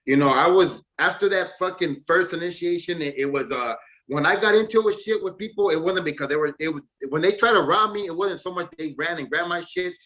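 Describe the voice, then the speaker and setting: A man's voice: a little high, fairly quick, fairly bright tone. A man in his forties, a former prisoner telling his story in an interview in a profane, rambling way with stammered restarts. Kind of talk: casual storytelling.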